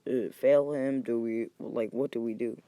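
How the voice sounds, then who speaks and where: A man's voice: medium pitch, fairly even intonation, measured pace, mellow, no room sound, natural voice. A man voicing exasperated village leaders. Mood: incredulous. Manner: incredulous, profane.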